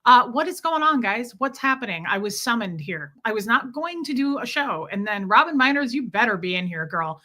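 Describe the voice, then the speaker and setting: A woman's voice: a little high, animated, normal speed, few pauses, bright, forceful tone. A woman hosting a casual livestream, chatting and joking while greeting viewers by name. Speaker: livestream host greeting chat.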